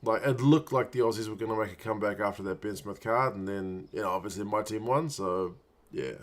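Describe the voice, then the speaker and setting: A man's voice: lowish voice, a little fast. Man muttering live rugby reactions. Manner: muttered reactions, urging players on. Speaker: watch-along stream host. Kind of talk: casual live match commentary.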